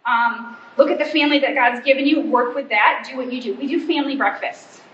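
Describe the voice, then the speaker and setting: A woman's voice: a little high, fairly even intonation, a little fast, fairly bright tone, a little hiss or hum. A woman in her forties, a pastor's wife, giving a chatty, self-deprecating church talk and acting out bits of family dialogue. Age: 40s. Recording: roomy, slightly muffled hall recording.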